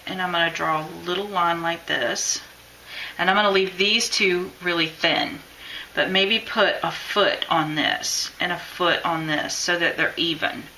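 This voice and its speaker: A woman's voice: fairly low pitch, sharp tone, slight background noise, rough recording. A woman teaching chalk lettering on a live stream, chatting and encouraging as she works. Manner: chatty, encouraging, talks while working. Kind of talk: live-stream drawing tutorial.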